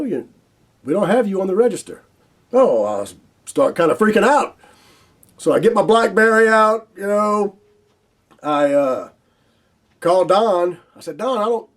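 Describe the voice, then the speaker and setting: A man with a Southern US accent telling a long personal story as host, animated and laughing often as he acts out the dialogue. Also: sits high. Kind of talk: casual spoken storytelling.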